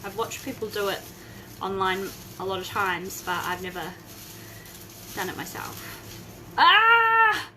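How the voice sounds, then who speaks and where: A young woman, hosting a casual live video from home, rambling and bursting into excited squeals. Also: medium pitch, a little slow, long pauses, noisy background. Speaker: host of a Facebook group live video.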